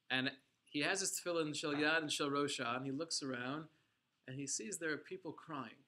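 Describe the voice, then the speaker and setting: A man's voice: on the high side, a little slow, pauses often, bright, forceful tone. A man teaching a religious class, telling a story dramatically and with emphasis, using Hebrew and Yiddish terms. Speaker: Torah teacher.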